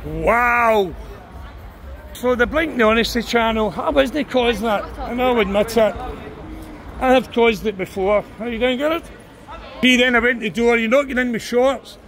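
A man's voice: extremely high pitch, normal speed, a bit bright, some chatter behind. Rambling older Glaswegian man on a street. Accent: Glaswegian Scottish. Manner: argumentative, rambling, swearing. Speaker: vlogger. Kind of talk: confrontational street vlog. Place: outdoors on a city street at night.

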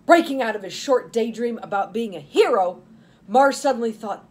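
A woman in her fifties, a nurse who also writes, reads her own novel aloud with dramatic flair and chats between chapters, mixing audiobook narration with podcast talk. Her voice sits a little high, husky and expressive, at a moderate pace.

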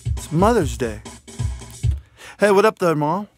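Silly high-voiced male vlogger, loose and rambling, phone mic, soft guitar under. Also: big pitch swings, measured pace. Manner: goofy, rambling, silly shout-outs. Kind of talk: rambling comedic vlog.

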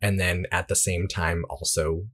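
A man's voice: low voice, little pitch movement, normal speed, fairly bright tone. A man co-hosting a podcast, reviewing a movie in casual chat, rambling with lots of restarts and fillers. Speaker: podcast co-host.

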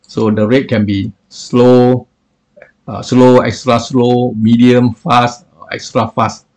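A man reviewing software in a screen-recorded tutorial, explaining with many hesitations and filler phrases. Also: mid-range voice, level tone, slow.

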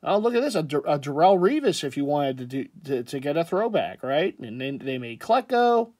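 A man's voice: on the high side, sing-song, a little fast, a little mellow. A man casually commenting on sports jerseys in a chatty, rambling way, with jokey asides. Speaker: sports jersey collector vlogger.

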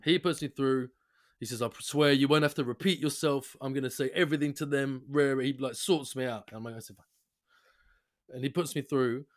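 A man's voice: mid-range voice, fairly quick. A man, co-hosting a podcast, ranting through a story in casual chat and mimicking the people he dealt with. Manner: rants, mimics the people on the call. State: unwell. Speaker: podcast co-host.

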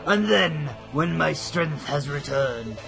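A man voicing a menacing male undead pirate overlord in a deep pirate voice, reading game dialogue. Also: animated, slow pace, creaky, music in the background, heavily acted.

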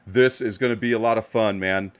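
A middle-aged man hosting a live card-opening stream, giving upbeat, hyped shout-outs to chat viewers while a little tired. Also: fairly low pitch, fairly even intonation, a little fast. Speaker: live card-break host.

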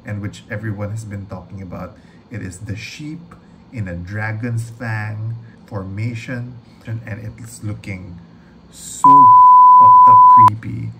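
A man reacts casually to a trailer in a slightly low voice, gushing and swearing as he rambles. His recording has clear background noise. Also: fairly even intonation, unhurried, lo-fi sound. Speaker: reaction video host.

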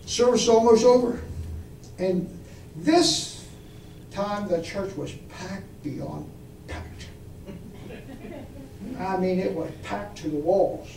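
Male preacher, high mellow voice, folksy testimony, recorded from a distance in an echoey church. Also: slow pace, creaky, pauses often. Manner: folksy testimony with audience questions. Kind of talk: storytelling sermon. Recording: echoey room from far off, faint noise.

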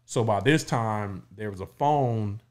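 A man's voice: lowish voice, slow, darkish tone. A middle-aged man co-hosting a podcast, telling his story in a loose, casual way with the odd swear. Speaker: podcast co-host.

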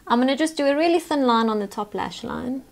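Female beauty vlogger, bright high voice, chatty and instructive. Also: lively intonation, fast, vocal fry. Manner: chatty, instructive, talks through each step. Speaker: makeup tutorial host. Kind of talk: step-by-step makeup tutorial narration.

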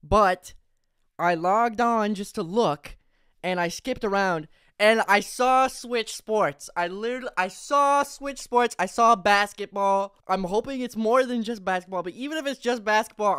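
Young male streamer, breathless and hyped, smooth voice with a slightly high pitch, dry close sound. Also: a little slow, no room sound. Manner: excitable, rambling, loud bursts of enthusiasm. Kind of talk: excited live reaction stream.

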